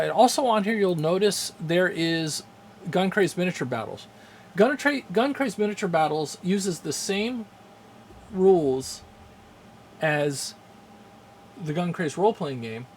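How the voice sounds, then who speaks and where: Male streamer, casual and rambling, a bit high-pitched, with faint background hiss. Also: expressive, measured pace, long pauses. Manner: rambling, chuckles often, greets chat viewers. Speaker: streamer hosting a game channel. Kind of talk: casual live-stream chat.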